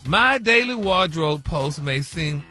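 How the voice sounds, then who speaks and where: A man's voice: on the high side, animated, slow pace, bright, forceful tone, faint music behind. A man doing a playful comedy bit on morning radio, stumbling as he spells out a word. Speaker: radio show regular.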